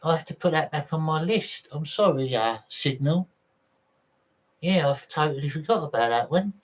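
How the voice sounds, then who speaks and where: A man's voice: on the high side, expressive, moderate pace, low-quality recording. A man hosting a livestream, reading out viewer messages and ranting in a blunt, profane way. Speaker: livestream host.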